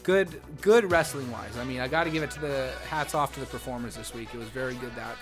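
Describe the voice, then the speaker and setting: A man's voice: medium pitch, fast, music in the background. A man co-hosting a casual wrestling podcast, agreeable and chatty with frequent restarts. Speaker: podcast co-host.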